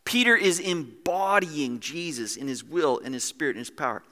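A man preaching a sermon as pastor, animated and acting out scenes in different voices, in a church hall. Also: on the high side, moderate pace.

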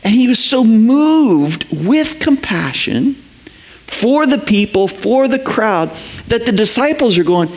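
A pastor with a high-pitched voice delivers a sermon at an unhurried pace. He tells stories with animation, acting out the voices of the people he quotes.

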